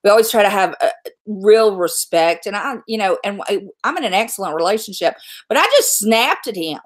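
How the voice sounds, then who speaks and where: A woman's voice: mid-range voice, expressive, fairly quick. A middle-aged woman, chatting candidly and laughing often on a live stream. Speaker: YouTube host. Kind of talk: casual live-stream chat.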